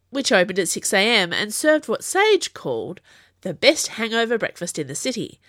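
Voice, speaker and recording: A woman reads her own serialised fiction aloud with animated, expressive storytelling. Her voice rises and falls in a wide, lively range, and the recording is close and dry with no room echo. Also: fairly low pitch. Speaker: author and podcast narrator. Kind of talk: scripted narration of fiction.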